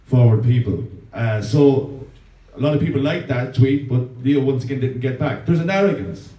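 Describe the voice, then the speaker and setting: An Irish man speaking from the audience at a campaign meeting, measured and pointed. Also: medium pitch, warm tone. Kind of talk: public meeting speech. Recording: echoey hall from far off.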